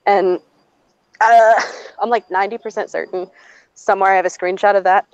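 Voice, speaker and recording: A woman co-hosting a podcast, telling a story in a casual, animated way with plenty of swearing and acted-out quotes. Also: mid-range voice, clear, resonant tone, dull audio. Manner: animated, profane, quick to act out quotes. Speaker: podcast co-host.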